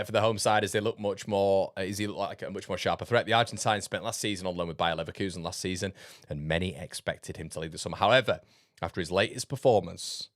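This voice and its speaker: Male football streamer, low voice, dry close sound, blunt and sarcastic. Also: a bit bright, no echo. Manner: blunt, sarcastic, laughs often. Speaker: football fan channel host. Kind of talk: casual livestream chat reading comments.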